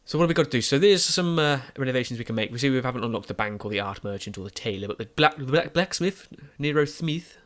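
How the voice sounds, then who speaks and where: A man's voice: mid-range voice, expressive, quick pace, hardly any pauses, a bit bright. A young man with a cold and a nasal voice, giving rambling, self-correcting let's play commentary while gaming at home. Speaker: gaming YouTuber.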